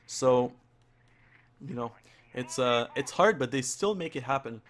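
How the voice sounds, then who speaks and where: A male esports caster calls the action live in a hoarse, worn voice, his pitch sitting at an everyday middle. He stumbles over words and restarts his sentences often. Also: lively intonation, a bit bright. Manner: halting, with frequent restarts and fillers. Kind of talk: live play-by-play commentary.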